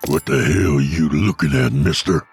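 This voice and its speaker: A gravel-voiced gunslinger killer snarls low threats from a very deep, husky throat, as a man puts him on. Every word lands as a warning over faint music behind. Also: moderate pace. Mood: menacing.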